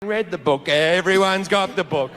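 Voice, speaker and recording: A man's voice: sits high, normal speed, a bit bright. A man doing a blunt, profane stand-up comedy routine in a loose, conversational storytelling manner. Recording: noisy live stand-up recording.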